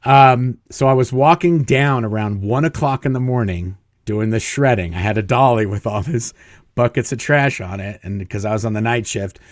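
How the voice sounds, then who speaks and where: A man's voice: mid-range voice, moderate pace, no room sound, studio quality. A man as an interview guest, telling stories casually, chuckling often and acting out quoted dialogue. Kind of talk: casual storytelling.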